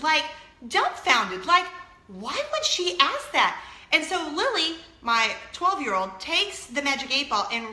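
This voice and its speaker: A woman in her thirties hosting a casual talk show to camera, telling stories in an animated way and laughing often. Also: high voice, echoey room. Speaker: vlog host.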